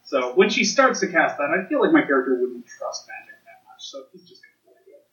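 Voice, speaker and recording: A man's voice: on the high side, very animated, a little fast, a bit bright. A man playing a tabletop game, chatting casually and asking lots of questions. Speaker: player. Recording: roomy, dull lo-fi recording.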